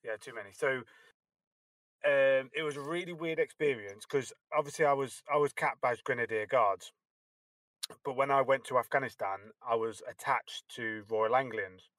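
A man's voice: medium pitch, moderate pace, a bit bright, no room sound. Hesitant man telling an army tale. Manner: hesitant, filler-heavy storytelling. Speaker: podcast co-host, ex-Guardsman. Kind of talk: casual anecdote.

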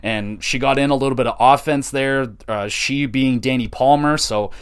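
A man's voice: mid-range voice, moderate pace, clean tone. A man hosting a solo podcast, casually reviewing a wrestling show in a loose, rambling way with frequent fillers and casual swearing.

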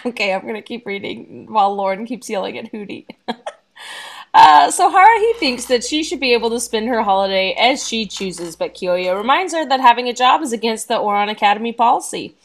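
A woman's voice: fairly high pitch, expressive, a little fast, vocal fry. A woman casually reading out and chatting over an anime episode recap on a video call, laughing often and tripping over words. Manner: reads a summary, laughs often, stumbles on words. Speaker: podcast co-host recapping an anime.

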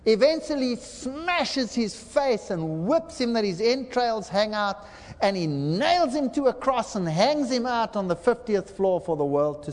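Animated high-voiced male preacher. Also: in a large hall. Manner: dramatic storytelling with acted-out quotes. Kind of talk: sermon lecture.

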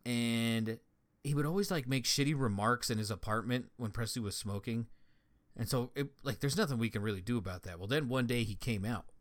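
A young man in casual chat, telling a story with lots of swearing and lively energy. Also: medium pitch, fairly quick. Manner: profane, animated storytelling.

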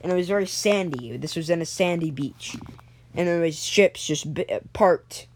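A young storyteller improvising a story episode, halting, with frequent restarts and self-corrections. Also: mid-range voice, darkish tone, a little hiss or hum.

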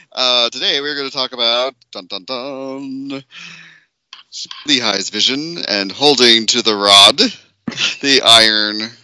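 A man's voice: mid-range voice, unhurried, bright, forceful tone, clear, resonant tone, no echo. A man co-hosting a casual podcast, joking around and often breaking into laughter. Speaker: podcast co-host.

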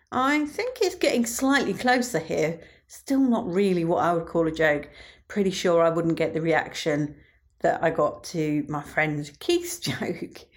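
A woman comedian, chatting casually to camera in a dry, sarcastic way and laughing often. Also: mid-range voice. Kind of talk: casual vlog chat.

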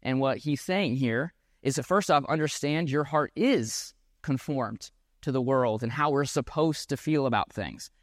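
A man's voice: medium pitch, measured pace, few pauses, no echo, clean studio sound. A man preaching a sermon in an earnest, reflective way, sometimes restarting his sentences. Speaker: pastor.

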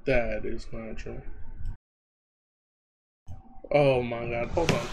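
A man's voice: mid-range voice, steady tone, unhurried, noisy background. A man co-hosting a podcast, pushing back and reading out facts in casual chat. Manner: pushes back, reads facts aloud. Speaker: podcast co-host.

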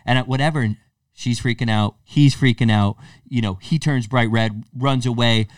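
A man's voice: mid-range voice, moderate pace, clean tone, dry recording, clean studio sound, distant mic. A man co-hosting a podcast, telling a story in casual chat and acting out the quotes with plenty of restarts. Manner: animated storyteller, acts out quotes, many restarts. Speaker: podcast co-host.

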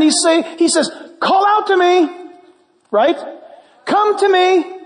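A man preaching a sermon as pastor, animated and conversational with jokes. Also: very high-pitched, slow. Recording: long church hall reverb.

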